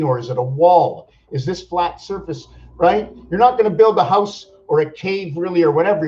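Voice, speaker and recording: A man's voice: a little high, husky. Musing man talking to himself, lo-fi. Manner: musing aloud, rhetorical questions, counting numbers slowly; sometimes loud and worked up. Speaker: channel host. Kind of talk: rambling monologue vlog.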